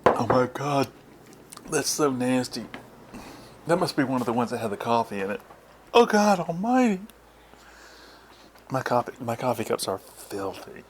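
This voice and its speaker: A man's voice: medium pitch, animated, normal speed, long pauses, slight background noise. A man hosting a casual podcast chat at home, rambling and telling stories. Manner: rambling, mimics voices when retelling. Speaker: podcast host.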